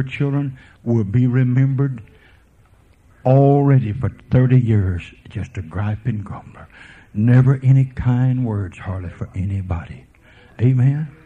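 Folksy evangelist man on a tinny tape. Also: mid-range voice. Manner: folksy, rising from murmurs to fervent preaching. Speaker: evangelist preacher. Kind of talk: revival sermon.

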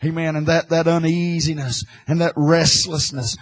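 A man preaching an impassioned sermon, swinging from hushed, quiet lines to loud, shouted ones. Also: fairly high pitch, flat delivery, moderate pace, rough recording.

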